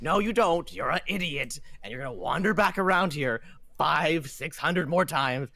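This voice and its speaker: A hoarse man voicing a bitter, rude male demon ferry captain in a put-on British accent, sarcastic and exasperated. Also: a little high, lively intonation, moderate pace, pushed and bright, no echo, pitched above the performer's own voice, full character voice.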